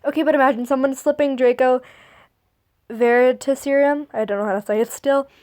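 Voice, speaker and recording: High-voiced woman reading fan fiction. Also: steady tone, fairly quick, a little mellow. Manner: stumbling over words, restarting and laughing at the text.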